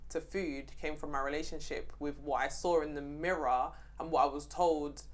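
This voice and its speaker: A woman's voice: low-pitched, fairly even intonation, normal speed. A woman co-hosting a podcast, chatting casually and laughing often. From Jamaican household in the UK. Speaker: podcast co-host. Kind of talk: casual chat.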